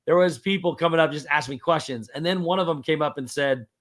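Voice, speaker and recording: Animated storytelling man, chuckling often. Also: on the high side, fast talker. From Indiana. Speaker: podcast host. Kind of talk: casual chat, storytelling.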